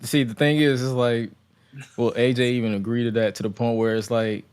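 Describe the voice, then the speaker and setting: A man's voice: medium pitch, flat delivery, brisk, a little mellow, clean tone. Rambling man in casual chat. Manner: rambling, stumbles and repeats words.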